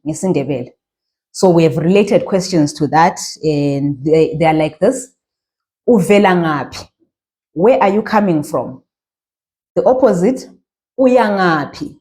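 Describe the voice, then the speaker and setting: Zimbabwean woman, language teacher, lowish voice, mellow tone, repeats phrases, asks questions. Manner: explains slowly, repeating phrases, asking rhetorical questions. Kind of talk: language lesson.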